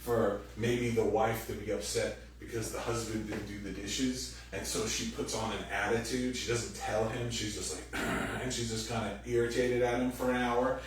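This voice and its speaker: A man giving a sermon as pastor, animated and conversational, acting out quoted voices loudly. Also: fairly low pitch, normal speed, few pauses. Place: church hall. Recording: very echoey room, distant mic, faint noise.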